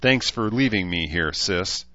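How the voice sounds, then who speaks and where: A man's voice: sits low, expressive, a little slow, bright, forceful tone, no echo, muffled recording, full character voice. A man doing a bitter, hot-tempered woman. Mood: curt, bitter. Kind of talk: audiobook character voice.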